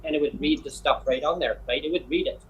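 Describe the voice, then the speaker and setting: A man's voice: fairly high pitch, fast, husky, dull audio. A man rambling through a travel story in casual chat, acting out the people he met. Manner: rambling storyteller, acts out dialogue.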